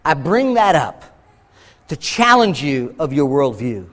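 A man preaching a sermon as pastor, slowing down for heavy emphasis and acting out quoted voices. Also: a little high, very animated, a bit bright, in a large hall. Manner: preaching with dramatic slow emphasis and acted quotes.

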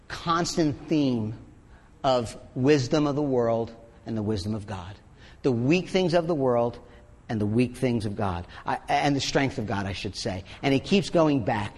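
A man preaching a sermon as pastor, in a conversational way with sarcastic asides. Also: mid-range voice. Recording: long hall reverb.

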